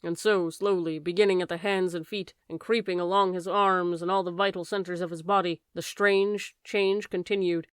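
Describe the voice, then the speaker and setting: A woman narrating a classic science fiction novel as an audiobook, reading dramatically and raising her voice for shouted lines. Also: lowish voice, fairly even intonation, moderate pace, few pauses, smooth, dry recording, clean studio sound. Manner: raises voice sharply for shouted lines.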